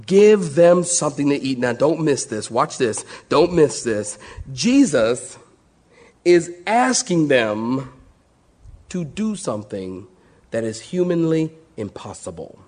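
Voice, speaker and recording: A man preaching a sermon, dropping low then exclaiming, acting out quotes. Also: takes it slowly. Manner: animated, swings from low murmurs to high exclaims, acts out quotes. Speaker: pastor.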